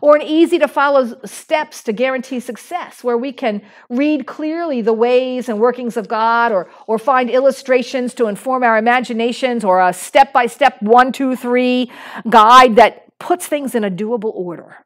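A middle-aged woman pastor giving a sermon in a conversational way, with fillers and restarts. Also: normal speed. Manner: acts out a small boy's lines in a higher voice when telling a story.

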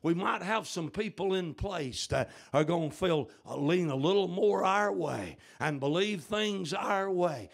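A man preaching a revival sermon in a church, fiery and emphatic, often shouting. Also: high-pitched, lively intonation, a little slow, gravelly, hardly any pauses. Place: church service.

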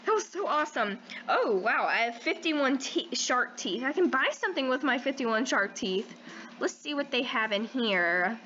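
A young woman giving casual gameplay commentary as a channel host, excitable, squealing when panicked and full of "like" fillers. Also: on the high side, moderate pace, lo-fi sound, slight background noise.

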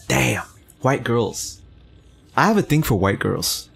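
A man's voice: mid-range voice, sing-song, takes it slowly, gravelly, fairly bright tone, breathy edge. A man streaming a game, chatting casually with his chat, teasing, full of fillers and swearing. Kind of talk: casual gameplay commentary, reading chat.

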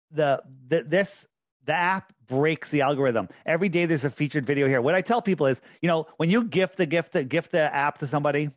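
A man's voice: a little high, dry recording, clean studio sound. A man speaking as a podcast guest in casual chat, insistent and emphatic, often repeating himself.

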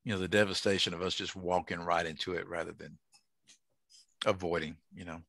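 A man's voice: low-pitched, steady tone, fairly quick, gravelly, a bit bright, dry recording. A man, teaching a casual Bible study to an online group. He jokes and asks the group questions.

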